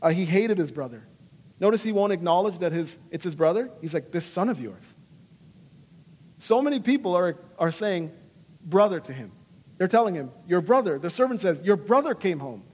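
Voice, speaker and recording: A high-pitched man in his thirties delivers an earnest sermon as a pastor. His delivery is animated, and he voices quoted lines with dramatic feeling. The sound carries a long reverb from a church hall. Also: normal speed.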